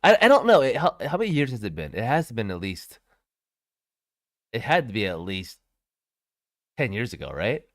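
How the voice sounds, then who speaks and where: A man's voice: fairly low pitch, sing-song, moderate pace, pauses often, no echo, clean studio sound. A man co-hosting a podcast in casual chat, hesitant and stammering as he starts his sentences over. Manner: hesitant, stammering, restarts a lot. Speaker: podcast co-host.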